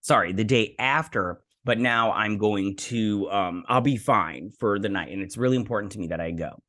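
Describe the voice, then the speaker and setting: This TV reviewer and host speaks in a lowish, fairly bright voice at a moderate pace. His episode recap is loose and wandering, crammed with fillers and "he's like" quotations.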